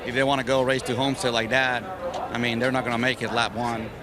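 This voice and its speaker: A man, a racing crew chief, giving an aggrieved, halting post-race interview outdoors at a track. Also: medium pitch, flat delivery, heavy background noise. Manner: aggrieved, halting, many uh fillers.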